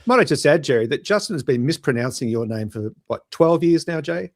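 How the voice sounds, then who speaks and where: Joking Australian podcast host, dry sound. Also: male voice, on the high side, animated, brisk, dry recording. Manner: jokey, self-deprecating, stumbles over names. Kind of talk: casual podcast chat.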